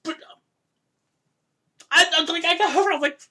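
A woman hosting a podcast, ranting in an animated, exasperated way with loud outbursts. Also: extremely high pitch, normal speed. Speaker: podcast host. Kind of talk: casual podcast rant.

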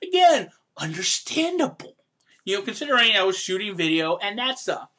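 A woman hosting a podcast, ranting in an animated, exasperated way with loud outbursts. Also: medium pitch, normal speed. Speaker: podcast host. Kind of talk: casual podcast rant.

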